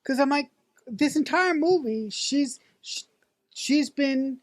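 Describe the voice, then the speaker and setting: A woman's voice: high voice, slow pace, dry recording. A woman co-hosting a movie podcast, chatting casually with many restarts and repeated words. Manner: hesitant, repeats words, laughs often. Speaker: podcast co-host. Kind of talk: casual movie review chat.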